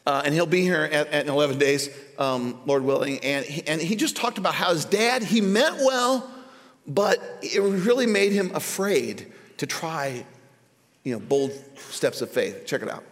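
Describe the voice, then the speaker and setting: A man preaching a sermon as pastor, animated, often stuttering and repeating words as he starts sentences. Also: moderate pace, long reverb tail. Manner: animated, voice jumps high for emphasis.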